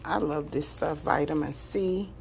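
A woman's voice: low voice, a little slow, creaky. A woman chatting to her viewers about her purchases, filming on a handheld phone at home. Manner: chatty, addresses viewers as y'all, listing purchases. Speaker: home decor vlog host. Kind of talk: casual chat to viewers. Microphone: handheld phone, no tripod. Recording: loud background noise.

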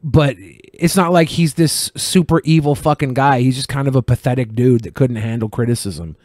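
A male podcast host talks in a blunt, profane way, with laughing asides. His pitch sits in the middle for a man. The studio mic sounds dry and close. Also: moderate pace, a little mellow, no echo. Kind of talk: casual panel chat.

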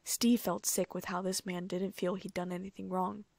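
Narrating fan fiction as an audiobook reader, this woman has a fairly low, slightly gravelly voice and a flat, even delivery. She reads at a normal pace, and the recording is close-miked and dry.

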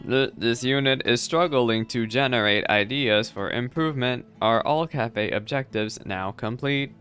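A man's voice: mid-range voice, measured pace, fairly bright tone, faint music behind, lightly acted. A man voicing a formal, literal-minded robot unit with a clipped, mechanical delivery while reading game dialogue aloud. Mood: formal, robotic.

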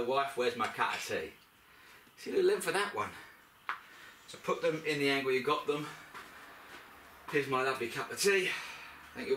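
Male moped vlogger, bright chatty voice, distant from the mic in an echoey garage. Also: medium pitch, a little hiss or hum. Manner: rambling, talks straight to viewers with asides. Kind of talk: chatty workshop commentary while working.

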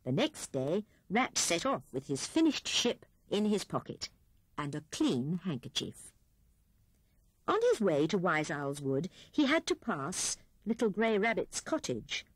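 A woman reads a children's storybook aloud with an animated voice that rises and falls widely. Her tone is slightly breathy, and the recording is close and dry. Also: lowish voice, measured pace, no echo. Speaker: audiobook narrator.

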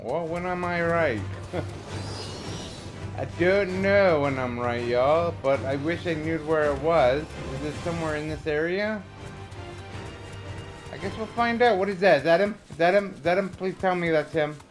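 A man's voice: on the high side, expressive, a little slow, soft background music. A man commentating a game as he plays, chatty and rambling, trash-talking the enemies. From Canada. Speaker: let's play gamer.

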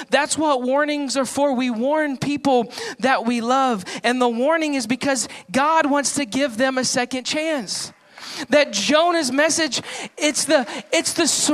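A young man preaching a sermon as pastor, telling a story with animated voices for the people in it. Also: extremely high pitch. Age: young adult. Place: church.

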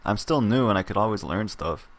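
A man with a slightly low voice reads a text adventure aloud in a casual let's-play. He moves between narrating the story and chatting loosely with viewers. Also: lively intonation, a little fast. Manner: reads narration aloud, breaks off to chat and laugh. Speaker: player reading an interactive story game. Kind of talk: casual game read-through.

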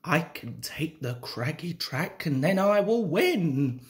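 A man's voice: fairly high pitch, big pitch swings, slow, exaggerated voice. A man voicing a proud, boastful old male steam engine in a storybook reading.

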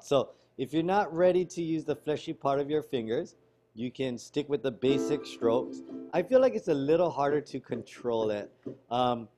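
A man teaching a ukulele lesson over a video call, explaining strumming technique in a relaxed way while he demonstrates. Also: fairly high pitch. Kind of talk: online music lesson. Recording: ukulele playing loud behind voice.

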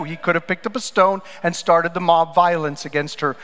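A man with a fairly high voice preaches a sermon in a church. His delivery swings between loud, emphatic lines and quiet, low asides as he tells stories. The sound rings with a long hall reverb. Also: steady tone, fairly quick. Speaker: pastor. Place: church sanctuary.

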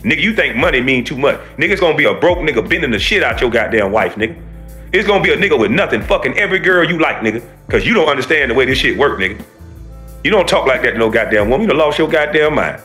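A man's voice: mid-range voice, big pitch swings, fast talker, pushed and bright, soft background music. A man giving a heated, profane reaction commentary, ranting and preaching to his viewers.

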